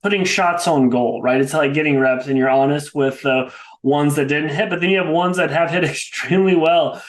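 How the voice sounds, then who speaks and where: A young adult man hosting a podcast in a relaxed, friendly way, with plenty of casual fillers. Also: fairly high pitch, moderate pace. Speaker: podcast host. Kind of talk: casual interview.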